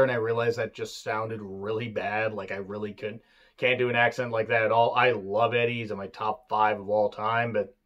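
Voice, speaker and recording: A wrestling reviewer with a medium-pitched voice and lo-fi sound gives a casual, opinionated review. He rants, swears and jokes sarcastically, breaking into sudden bursts of emphasis.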